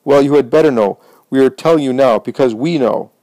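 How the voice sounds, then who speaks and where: A man's voice: medium pitch, a little fast, dark tone, no echo, close to an everyday voice. A man voicing scornful male Pharisee elders who scold in a raised voice.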